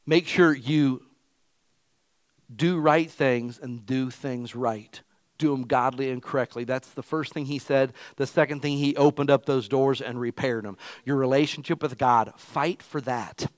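A man's voice: medium pitch, steady tone, unhurried, no echo. A male pastor giving an emphatic, conversational sermon to his church.

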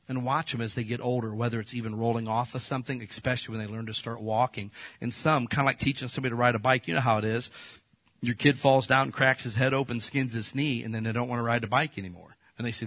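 A man preaching a sermon in a folksy, animated storytelling manner, acting out the voices in his stories. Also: mid-range voice, no echo. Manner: folksy, addresses the congregation as folks. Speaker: pastor.

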